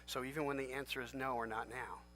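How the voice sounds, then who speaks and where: A man preaching a sermon as pastor, emphatic and animated, jumping to loud high lifts for emphasis. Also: fast talker, soft background music. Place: large church sanctuary. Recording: long church hall reverb.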